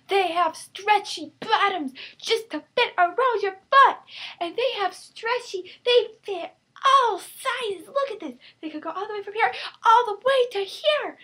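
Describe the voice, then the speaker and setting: Bubbly infomercial saleswoman, done by a young woman: very high, loud, sing-song. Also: heavily acted. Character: overexcited female sweatpants saleswoman, pushy and bubbly.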